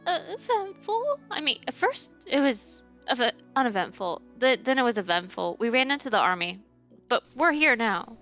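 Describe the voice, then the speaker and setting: A woman's voice: a little high, very animated, normal speed, pushed and bright, faint music behind, heavily acted. A woman voicing a weary adventurer just back from a journey, speaking hesitantly with stammers. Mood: dry.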